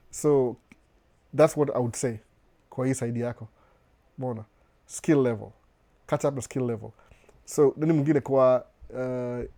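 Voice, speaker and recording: A man's voice: mid-range voice, warm tone. A man from Kenya with a Kenyan accent and a slight American touch, hosting a live Q&A, reading viewer questions aloud and giving casual advice, often restarting his words. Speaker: host answering viewer questions. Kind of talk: live Q&A chat.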